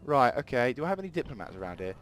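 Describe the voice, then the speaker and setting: A man's voice: mid-range voice, sing-song, rapid-fire, a little hiss or hum. A man giving rambling let's play commentary at a desk mic, thinking aloud as he plays. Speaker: gaming channel host.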